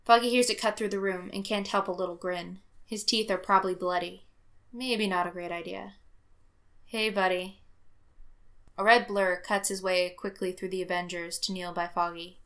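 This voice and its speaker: A woman narrating a story aloud with a lively, expressive reading. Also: fairly low pitch, brisk. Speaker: reader. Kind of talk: audiobook narration of fan fiction.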